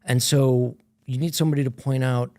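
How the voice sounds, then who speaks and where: A man speaking as a coach in a podcast interview, calm and explanatory. His voice sits in a middle register, and he often drops it softly as he makes his points. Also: mid-range voice, a little fast. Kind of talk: reflective coaching talk.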